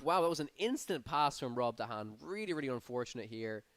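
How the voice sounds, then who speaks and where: Smooth-voiced man casting a card game. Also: mid-range voice, fairly quick, no echo. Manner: energetic, rising excitement on big plays. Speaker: tournament caster. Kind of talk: live play-by-play commentary.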